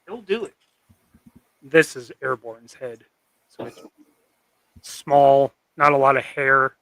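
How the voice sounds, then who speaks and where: Bright-voiced young man, casual chat. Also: medium pitch, no echo. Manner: easygoing, halting with fillers. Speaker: host and toy customizer. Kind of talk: casual live-stream chat.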